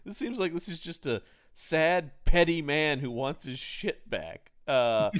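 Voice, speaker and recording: A man's voice: a little high, animated, a little slow. A man co-hosting a casual podcast, recapping a film's plot and acting out lines. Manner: recounts plot scenes, acting out quotes. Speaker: podcast co-host. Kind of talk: casual movie-recap chat.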